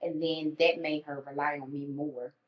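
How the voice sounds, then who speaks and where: A woman's voice: low voice, level tone, normal speed. A woman telling personal stories in casual conversation, acting out her own inner thoughts. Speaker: podcast guest. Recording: echoey dull room sound.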